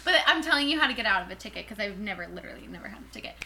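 Young woman, podcast co-host, quick and bright, casual swearing storyteller, faint room ambience. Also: mid-range voice, animated, a little hiss or hum. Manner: fast, profane storytelling with acted quotes. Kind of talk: casual chat.

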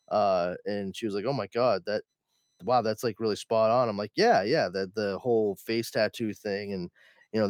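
A man's voice: lowish voice, a little mellow, dry recording. A man co-hosting a casual comics podcast, talking over a video call in a dry, close recording. He rambles, restarts his sentences often and breaks into laughter as he goes. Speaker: podcast host.

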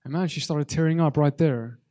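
A man delivers a conversational sermon, earnest and searching, often stopping and restarting his sentences. His voice sits a little high for a man, yet it sounds mellow and warm rather than bright. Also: fairly quick. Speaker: preacher.

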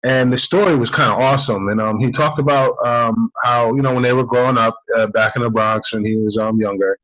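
A man's voice: mid-range voice, steady tone, brisk, a bit bright, dull audio. A man telling a story in a casual, rambling way as a podcast host.

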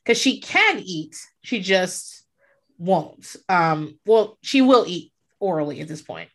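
Middle-aged woman co-host, animated storyteller, lively pitch, casual and profane. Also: takes it slowly. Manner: animated storyteller, swears freely. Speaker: podcast co-host. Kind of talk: casual chat.

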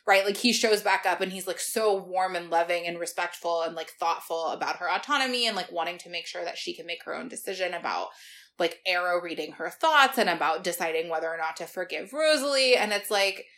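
A woman's voice: fairly low pitch, fairly quick, a bit bright. A woman co-hosting a casual book podcast, recapping chapters with sarcastic asides and frequent swearing. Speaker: podcast co-host. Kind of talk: casual book-discussion chat.

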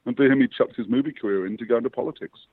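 A man, a publicist, telling lively motivational anecdotes as a guest over the phone. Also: medium pitch, rapid-fire, breathy edge, dry recording. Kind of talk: interview storytelling. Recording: tinny phone line.

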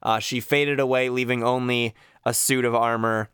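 A man playing in a tabletop role-playing podcast, recapping events deliberately with occasional chuckles. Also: mid-range voice, flat delivery, fairly bright tone, clear, resonant tone, no echo, clean studio sound. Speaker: player.

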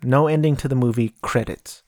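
Talking on his own in a studio-quality recording with no room sound, this podcast host meanders, fixes his own wording, and slips into mocking impressions. He speaks at a measured pace in a medium-pitched, darkish voice.

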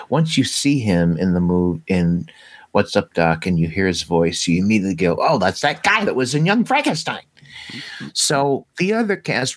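Lively low-voiced man gushing about films. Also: no echo. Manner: enthusiastic, gushing, halting restarts. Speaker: co-host of a movie watch show. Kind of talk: casual chat.

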